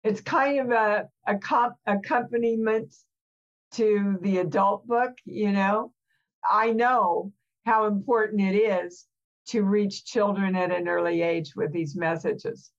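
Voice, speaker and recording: An older woman guest in a casual chat, talking slowly and emphatically. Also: mid-range voice, fairly even intonation. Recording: dull lo-fi remote audio.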